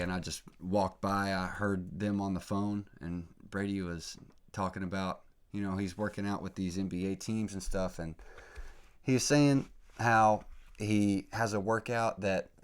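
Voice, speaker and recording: A young man hosting a solo podcast, talking casually with lots of "dude" and "man", dropping to low mutters and then climbing to excited shouts. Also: clean tone. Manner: casual, swears lightly, says "dude" and "man". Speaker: podcast host.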